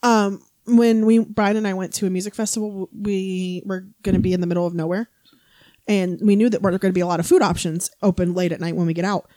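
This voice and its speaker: A woman's voice: medium pitch, fairly even intonation, quick pace, mellow, dry recording, studio quality. A woman co-hosting a podcast in casual chat, blunt and swearing freely. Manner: blunt, swears, laughs often. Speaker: podcast co-host.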